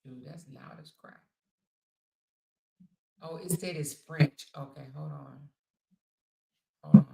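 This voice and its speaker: Gravelly-voiced woman hosting a casual livestream. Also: sits low, steady tone, slow, long pauses, dark tone. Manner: reads viewer comments aloud and answers them chattily. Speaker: livestream host.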